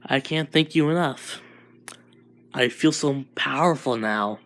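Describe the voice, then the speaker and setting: A man's voice: medium pitch, slow pace, a bit bright. Eager young alien-powered hero, casual and a bit awkward, voiced by a man. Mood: excited. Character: young hero turned alien, excited and kind.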